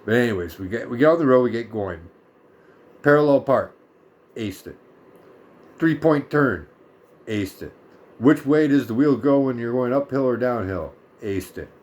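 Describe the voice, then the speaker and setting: A man's voice: medium pitch, animated, normal speed, darkish tone. Blunt, profane man ranting in his 30s. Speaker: vlogger. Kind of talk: casual ranting story.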